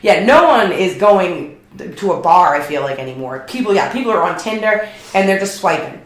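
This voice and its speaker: A woman with a middle-pitched voice co-hosts a loose chat, wandering through stories and laughing along the way. The room around her is echoey. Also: expressive, brisk. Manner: rambling, laughs often, storytelling. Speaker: podcast co-host. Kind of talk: casual chat.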